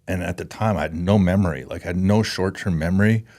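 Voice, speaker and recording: A Canadian man in his forties, a former pro hockey player, speaks as a podcast guest in a candid interview, earnest and emotional, often halting and restarting. His voice sits low with a darkish tone, and he talks fast with hardly any pauses.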